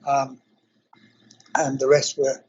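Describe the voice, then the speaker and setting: An older man from South Africa, interviewed in a university lab, explaining technical ideas step by step in a measured way. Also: medium pitch, completely flat delivery, slightly rough, muffled recording. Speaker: interviewee, engineering professor.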